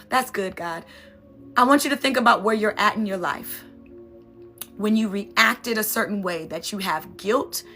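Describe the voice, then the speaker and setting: A woman coach talks straight to her viewers in an emphatic, repetitive, conversational way, checking in with a frequent "right?". Her voice is bright and sits a little high. Faint music plays behind her. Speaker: NLP coach and sound healer. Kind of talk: motivational talk to viewers.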